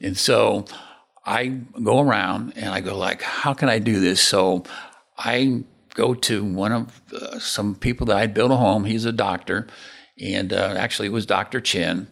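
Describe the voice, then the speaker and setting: Older guy with a gravelly low voice telling long stories, does the other people's lines himself. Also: steady tone, unhurried, a bit bright. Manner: rambling anecdotes, acts out dialogue. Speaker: podcast guest, real estate developer. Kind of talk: casual storytelling interview.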